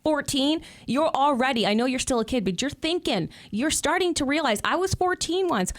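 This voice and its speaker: A woman's voice: high voice, animated, moderate pace. Outraged outspoken woman guest. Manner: indignant, emotional and outspoken. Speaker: guest commentator. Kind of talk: talk show discussion.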